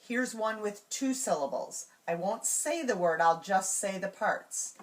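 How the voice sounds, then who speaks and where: A woman calmly explaining classroom routines step by step, slowing down to sound out example words. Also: medium pitch, far from the mic. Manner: clear, measured, slows to sound out example words. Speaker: teacher trainer. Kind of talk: instructional walkthrough.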